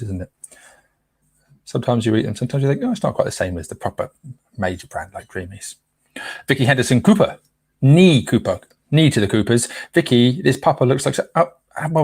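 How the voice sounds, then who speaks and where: Casting: man as a playful live stream host, mid-pitched, dry close sound, easygoing chat. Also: gravelly, a little mellow, husky, no echo. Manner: playful, chatty, trips over names while reading.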